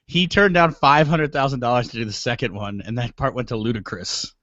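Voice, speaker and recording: A man's voice: mid-range voice, fairly quick, fairly bright tone, no room sound. Male podcast co-host, mid voice, wry and plain, muffled dry recording. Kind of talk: casual chat. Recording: dull lo-fi dry sound.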